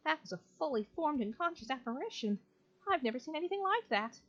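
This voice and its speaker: A woman's voice: sits high, big pitch swings, fast, voice pushed up. A woman voicing a brainy young male paranormal researcher, earnest and studious, reading game dialogue aloud. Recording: lo-fi with faint game music.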